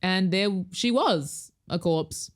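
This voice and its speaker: A woman's voice: lowish voice, lively intonation, takes it slowly. A woman co-hosting a podcast, chatting casually and laughing often as she acts out her reactions. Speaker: podcast co-host. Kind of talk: casual recap chat.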